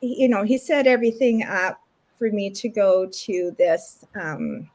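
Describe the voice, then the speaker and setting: A middle-aged woman from Canada, telling a personal story in a casual, animated way as an interview guest. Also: mid-range voice, a little slow. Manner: animated retelling with lots of acted quotes.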